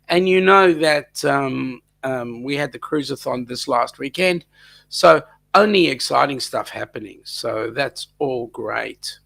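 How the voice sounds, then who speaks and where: A gravelly, croaky Australian man hosts a laid-back livestream chat. He keeps cracking jokes while reading out viewer comments. His voice sits a bit high and bright, and a lingering cough roughens it. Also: animated, measured pace. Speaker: livestream host.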